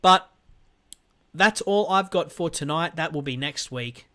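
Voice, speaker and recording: A man's voice: fairly high pitch, measured pace, pushed and bright. Chatty man hosting his own podcast. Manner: chatty, rambling with fillers and restarts. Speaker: podcast host. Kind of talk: casual solo podcast sign-off. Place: home room with weights and a guitar.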